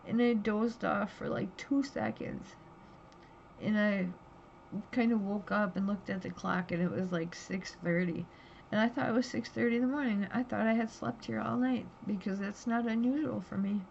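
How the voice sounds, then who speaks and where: A woman's voice: mid-range voice, normal speed, gravelly, darkish tone. Tired, drowsy woman in a candid personal vlog, raw and rambling, dull lo-fi recording. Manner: raw, rambling, emotional storytelling. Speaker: vlogger. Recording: dull lo-fi audio with faint background hiss.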